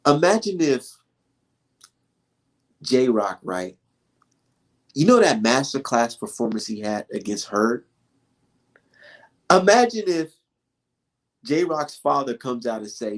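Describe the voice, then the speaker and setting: A man's voice: mid-range voice, big pitch swings, takes it slowly, long pauses. A man giving casual boxing commentary for his own channel, ranting in a heated way. He swears a lot, fires off rhetorical questions and laughs between his points.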